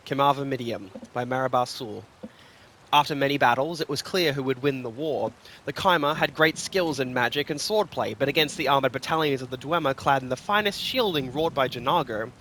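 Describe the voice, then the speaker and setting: A man reading fantasy lore stories aloud in an expressive, rhythmic storytelling manner. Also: medium pitch, fairly quick, a little hiss or hum. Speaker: lore reader.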